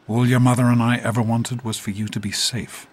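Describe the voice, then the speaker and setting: A man's voice: medium pitch, flat delivery, brisk, a little mellow, husky, natural voice. An actor playing a middle-aged father speaking tenderly and earnestly to his son.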